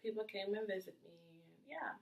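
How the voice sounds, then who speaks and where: A young woman telling a casual storytime in a chatty, animated way with lots of fillers and acted-out reactions. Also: mid-range voice, normal speed, gravelly, echoey room, low-quality recording. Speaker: vlogger.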